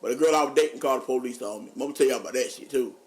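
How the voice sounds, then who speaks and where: A man, a podcast co-host telling funny stories in casual chat, animated and laughing often. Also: rapid-fire. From North Carolina. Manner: animated, laughing often, drops low for quoted voices. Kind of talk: casual storytelling.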